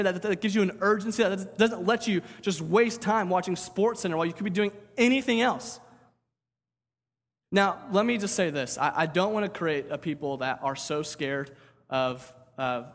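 Guy pastor preaching, chatty, keeps saying right?, kinda high voice. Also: big-room sound. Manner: conversational, repeats words, asks "right?". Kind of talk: sermon.

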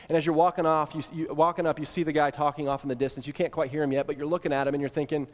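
A man delivers a sermon in a somewhat high voice and draws listeners into a story told in the second person. He drops to near-whispers and then builds to bold emphasis. His voice carries a long, lingering reverb from a large hall. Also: level tone, very fast, hardly any pauses. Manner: dramatic second-person retelling, swings from hushed to emphatic. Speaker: preacher.

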